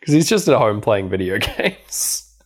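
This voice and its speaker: A man's voice: on the low side, sing-song, measured pace. A man co-hosting a podcast, casually recapping a film with a chatty, laughing manner. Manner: chatty, laughing, lots of fillers. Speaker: podcast co-host.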